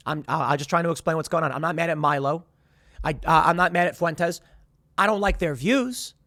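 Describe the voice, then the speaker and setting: Speaking fairly quickly in a voice on the high side, a thirty-something show host rambles casually to camera about how a guest left. He keeps restarting and slips into animated asides quoting other people, all in clean studio audio without room sound.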